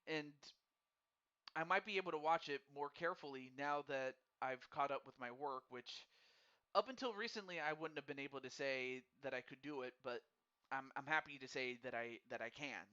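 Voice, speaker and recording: A man streams a live wrestling game, his medium-pitched voice clean but sharp, at a normal pace. Friendly and casual, he speaks directly to viewers, frequently stammering and repeating words as he thinks aloud. The sound is dull and lo-fi.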